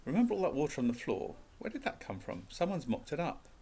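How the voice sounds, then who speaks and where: A man voicing a curious schoolboy who speaks quickly and plainly. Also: fairly high pitch, big pitch swings, dark tone, a little hiss or hum, pitched above the performer's own voice.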